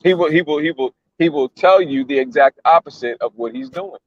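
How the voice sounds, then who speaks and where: A man's voice: fairly high pitch, fairly quick, highs cut off. A man giving casual religious commentary in a blunt, mocking, slangy way, often repeating himself. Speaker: commentator reacting to a news clip.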